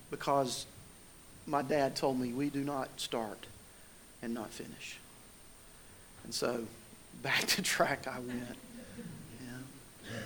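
A man's voice: medium pitch, a little hiss or hum. A man preaching a sermon, telling a personal story in a conversational way and building emphasis as he makes his point. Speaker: pastor.

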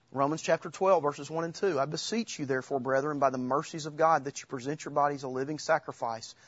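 A man gives an informal church teaching, quoting verses from memory and pausing often to restart his sentences. His voice is husky and sits at an ordinary pitch. The recording is dry and a little dull, as if on modest equipment. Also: no room sound. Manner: halting, restarts while quoting Scripture from memory. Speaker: Bible teacher.

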